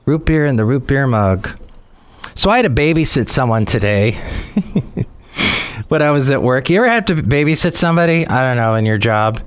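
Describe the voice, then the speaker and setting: A man's voice: mid-range voice, expressive, normal speed, clear, resonant tone. A man hosting a podcast in a rambling, jokey, digressive monologue. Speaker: podcast host. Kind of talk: casual chat monologue.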